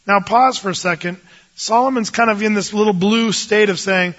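A man with a high, bright voice works through a Bible passage at a moderate pace, teaching in a relaxed way. Animated and jokey, he jumps into the voices of the biblical figures in the story. The recording is muffled and lo-fi.

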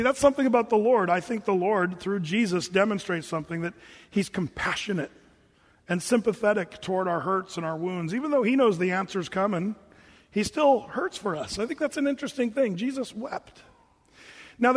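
Man, preacher, high voice, conversational sermon, joking asides, long hall echo. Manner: conversational, joking asides between scripture readings.

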